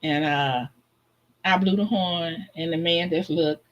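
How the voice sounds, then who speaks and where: A woman chatting as a guest on a live stream, telling stories in a lively way and laughing often. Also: lowish voice, takes it slowly, lo-fi sound. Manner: animated, laughs often, acts out voices in her stories. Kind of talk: casual storytelling.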